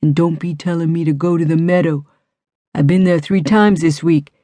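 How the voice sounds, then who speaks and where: A woman doing a raspy old drawling rascal. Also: steady tone, moderate pace, warm tone, no room sound, lightly acted. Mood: teasing. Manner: exaggerated deep drawl, flirty. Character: old male street regular, teasing rascal. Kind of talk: audiobook character voice.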